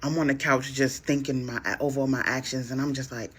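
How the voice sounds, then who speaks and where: A woman telling a dating story on a talk show, slangy and expressive, acting out both sides of each conversation. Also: extremely low pitch, brisk, slightly rough. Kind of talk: animated story time.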